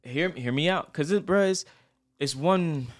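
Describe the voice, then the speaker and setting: A man's voice: a little high, unhurried, over a noisy crowd. A man of Haitian family co-hosting a casual podcast, making his point earnestly and persuasively. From Haitian family, raised in America. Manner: earnest, persuasive, addresses listener as bro. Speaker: podcast co-host. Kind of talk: casual chat.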